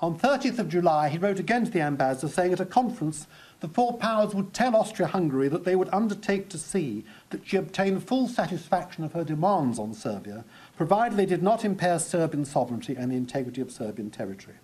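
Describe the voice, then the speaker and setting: Guy lecturing on history, a bit husky, slightly high voice, steady measured delivery. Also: rough recording.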